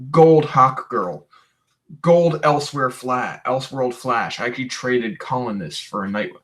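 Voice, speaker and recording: A man's voice: mid-range voice, a bit bright. Tired, chatty young man on a livestream. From Canada. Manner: rambling, chatty, frequent restarts and fillers. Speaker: livestream host. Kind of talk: casual livestream chat answering viewer questions.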